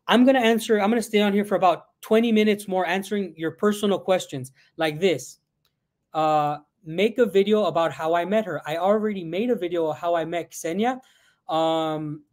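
This man's voice is high and a little mellow as he fields questions from viewers on a relaxed live stream. Reading each one out loud, he wanders a bit in his answers and occasionally switches to Spanish.

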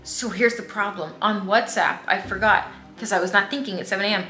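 A woman's voice: medium pitch, fairly even intonation, fairly quick, bright, forceful tone. A woman vlogger telling a casual storytime in a sassy, blunt way with asides to her viewers. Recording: echoey room, faint music.

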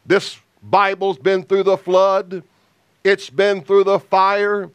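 A man preaching a sermon as an evangelist, slow and emphatic with deliberate pauses. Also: high-pitched, steady tone, fairly bright tone, clean tone, no room sound.

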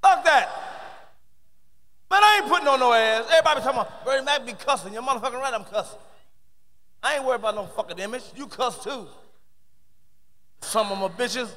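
Man, stand-up comedian, shouting, profane, very high voice, live theater reverb. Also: expressive, fairly quick, long pauses, a little hiss or hum. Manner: loud, profane, shouting punchlines. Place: large theater stage with audience. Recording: live concert hall reverb.

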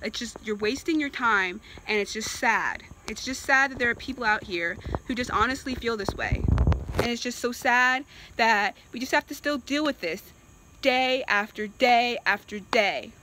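A woman's voice: a little high, moderate pace, bright, forceful tone, slight background noise, rough recording. A woman from Virginia ranting in a vlog, exasperated and emphatic, repeating herself for emphasis. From Virginia, USA. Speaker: vlogger. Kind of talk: impassioned opinion rant.

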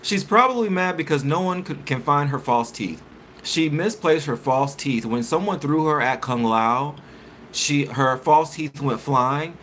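A man's voice: medium pitch, a bit bright, a little hiss or hum. A man hosting a casual live stream, chatting with viewers and reading articles aloud with stumbles and self-corrections.

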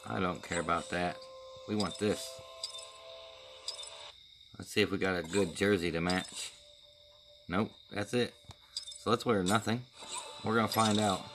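Slow-talking man narrating his gameplay. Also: deep voice, steady tone, background noise. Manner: chatty, talks to himself while playing. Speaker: gaming video creator. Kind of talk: casual gameplay commentary.

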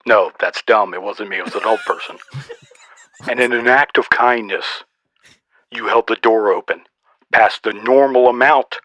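A man's voice: lowish voice, moderate pace, pauses often, a bit bright, dry recording, close to an everyday voice. A man voicing a boastful, snarky old male Santa Claus, roasting people in a mock-stern way for a comedy podcast sketch. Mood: teasing.

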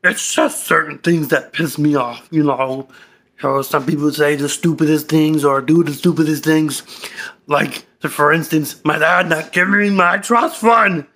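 Brief: man as a short-fused, crude young guy, gravelly and bright, slow drawl. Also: fairly high pitch, fairly even intonation. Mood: grumbling. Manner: cursing, insulting, short-tempered. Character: angry young man, crude, hot-tempered. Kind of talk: comedy skit.

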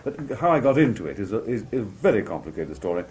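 A man from Liverpool with a very low, deep voice talks through his career as a broadcaster, spinning anecdotes with a raconteur's flair. He slips into other people's voices when he quotes them, and a faint hum sits under the recording. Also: very animated, fast, darkish tone. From Liverpool, England. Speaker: television announcer being interviewed. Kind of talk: relaxed anecdotal interview talk. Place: outdoor country fair at a cricket ground.

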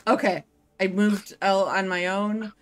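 A woman's voice: medium pitch, steady tone, a little slow. A woman player in a tabletop game, chatting casually and hesitantly with many fillers. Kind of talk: casual chat.

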